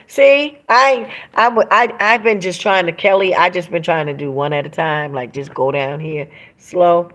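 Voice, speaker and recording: A woman's voice: low voice, moderate pace. Emphatic woman hosting a casual livestream. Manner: emphatic, retelling stories with quoted dialogue; reads and answers viewer comments aloud. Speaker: livestream host reading viewer comments.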